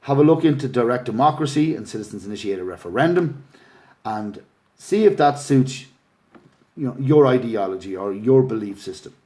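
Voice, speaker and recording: A man's voice: mid-range voice, lively intonation, normal speed, dark tone. Impassioned Irish man on a livestream. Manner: earnest, pleading, gets emotional. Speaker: activist livestream host. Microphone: phone or laptop livestream.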